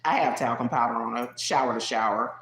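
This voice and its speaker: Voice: medium pitch, fairly quick, fairly bright tone. A livestream host telling a personal story in casual, digressive chat, talking straight to viewers in the chat. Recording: roomy echo.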